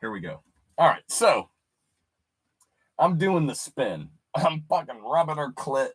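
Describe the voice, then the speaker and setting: Crude, animated man telling a story. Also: on the high side, unhurried, breathy edge. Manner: vulgar, animated, demonstrates with hands. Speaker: streamer.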